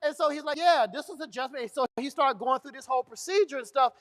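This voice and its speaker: A man with a strikingly high voice tells a comic story to a live audience. He is middle-aged and animated, jumping into the voices of the people he quotes. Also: fast. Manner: animated, acts out dialogue. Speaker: comedian. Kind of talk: comedic storytelling. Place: event stage.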